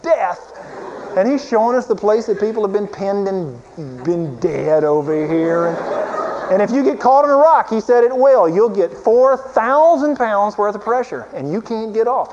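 Man, preacher, animated anecdote, chuckling, lo-fi sound, light hiss. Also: high voice, normal speed. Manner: lively storyteller, chuckling through his anecdote. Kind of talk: sermon storytelling. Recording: dull lo-fi recording with faint hiss.

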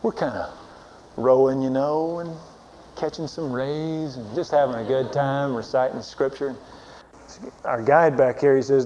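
A man preaching a sermon, telling a lively story and chuckling as he goes. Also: mid-range voice, unhurried. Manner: lively storyteller, chuckling through his anecdote. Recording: dull lo-fi recording with faint hiss.

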